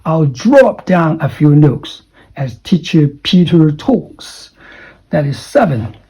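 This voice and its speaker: A man's voice: fairly high pitch, big pitch swings, takes it slowly, darkish tone, slightly rough, rough recording. A man teaching an online English lesson who corrects common errors, spells words out letter by letter and keeps checking in with "okay?".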